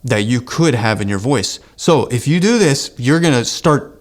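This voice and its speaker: A man in his thirties gives an online singing lesson, earnest and encouraging with a light lilt. His expressive speaking voice sits at an ordinary middle pitch and normal speed, and he breaks into sung exercise demos.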